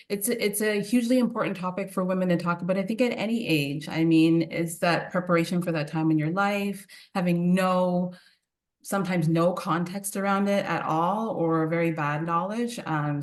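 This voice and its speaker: Woman host, slightly low voice, encouraging, hesitant restarts, video call. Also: moderate pace. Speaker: host, moderator. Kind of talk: moderating a video call panel.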